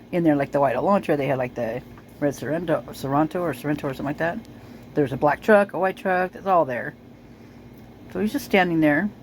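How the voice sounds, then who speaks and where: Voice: medium pitch, a little hiss or hum, poor audio. Rambling, suspicious video commentator. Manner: rambling, full of fillers and restarts; suspicious, speculative. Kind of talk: casual commentary over news footage.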